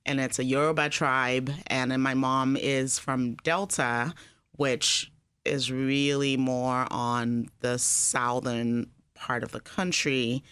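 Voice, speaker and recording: A woman from Nigeria, a podcast guest talking in a relaxed, hesitant way with many fillers. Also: extremely low pitch, takes it slowly, smooth, dry recording. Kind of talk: casual interview. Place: studio.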